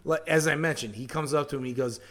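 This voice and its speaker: A man's voice: a little high, fast talker, a bit bright. A man co-hosting a podcast, retelling a film plot in loose, profane casual chat with quoted voices. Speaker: podcast co-host.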